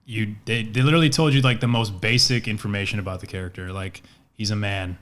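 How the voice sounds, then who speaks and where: A man co-hosting a podcast in casual chat, rambling through stories and getting animated when retelling them. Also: on the low side, fast talker. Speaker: podcast co-host.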